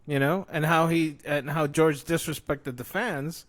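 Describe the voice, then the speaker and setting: A man co-hosting a casual show, ranting excitedly and swearing a lot. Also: on the high side, measured pace. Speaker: podcast co-host. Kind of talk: casual chat.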